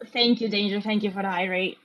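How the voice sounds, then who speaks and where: A woman's voice: mid-range voice, steady tone, fast talker, a bit bright. A woman from Romania, chatting casually on a live stream as she plays, thinking aloud with gasps of delight. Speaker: game streamer. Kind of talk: casual live-stream chat while playing. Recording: dull lo-fi stream audio with faint music.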